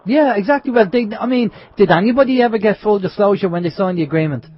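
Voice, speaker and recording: A man's voice: sits high, fast. A man hosting a radio interview, asking casual, hesitant questions full of fillers. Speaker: radio host. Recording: slightly dull lo-fi sound.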